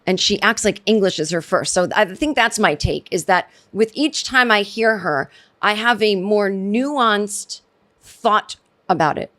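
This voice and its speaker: A woman's voice: mid-range voice, measured pace, fairly bright tone. Woman, middle-aged, podcast comic host; sardonic, digressive monologue with frequent restarts. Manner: sardonic, rambling, self-interrupting. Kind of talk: solo comedic podcast monologue.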